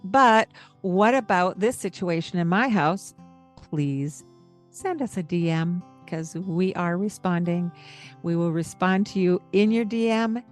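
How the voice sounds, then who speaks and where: A woman co-hosting a parenting podcast, giving calm, gentle advice and showing tones of voice. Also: on the low side. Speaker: podcast co-host, parenting coach. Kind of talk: casual advice chat.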